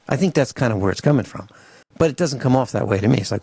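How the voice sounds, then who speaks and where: A male radio talk host with a gravelly, creaky voice launches into a grumbling, animated rant. He acts out short mock conversations between people. The studio mic sounds dry and close, with no room echo. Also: mid-range voice, fast talker. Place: home studio on a farm. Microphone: studio microphone.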